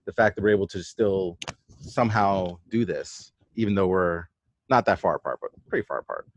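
A man's voice: deep voice, moderate pace, no echo, highs cut off. A man speaking as a podcast guest over a remote call, emphatic and casual, swearing freely. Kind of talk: casual conversation.

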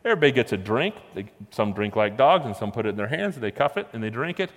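Lively preacher in an echoey hall. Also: male voice, medium pitch, quick pace. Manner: lively, conversational, chuckling asides. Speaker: pastor. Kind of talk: sermon storytelling.

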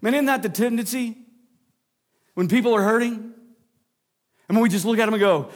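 A male pastor with a high-pitched voice preaches a sermon. He sinks into soft, hushed passages and then builds back up to emphatic, almost shouted lines. He slips in playful jokes to the congregation. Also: a little fast. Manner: dramatic drops to a low hush, then rising emphasis; jokey asides to the congregation.

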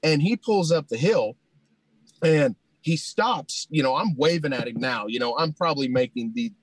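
A man telling a long humorous hunting story in a folksy, animated way, full of "you know" fillers. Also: fairly high pitch, normal speed, dry recording, rough recording. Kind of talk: casual storytelling.

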